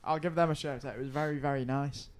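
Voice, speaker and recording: A man's voice: medium pitch, fairly even intonation, quick pace, smooth. A young man telling a long anecdote on a podcast, rambling, swearing and laughing. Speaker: podcast co-host. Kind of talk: casual chat, storytelling.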